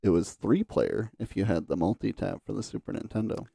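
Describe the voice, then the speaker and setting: Male podcast co-host, deep gravelly dark voice, laid-back casual chat. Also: a little fast, no echo, studio quality. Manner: laid-back, short agreeing replies.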